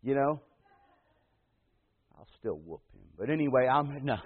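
Folksy pastor preaching over tinny radio. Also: male voice, mid-range voice, expressive, unhurried, breathy edge. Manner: folksy storytelling preacher, swings from loud to hushed. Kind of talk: sermon. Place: church. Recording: tinny phone-like radio broadcast in a big reverberant hall.

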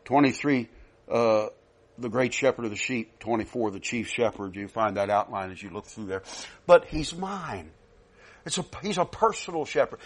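A man preaching a sermon, emphatic, rising loud and dropping soft, repeating himself often. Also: mid-range voice, expressive, moderate pace, husky.

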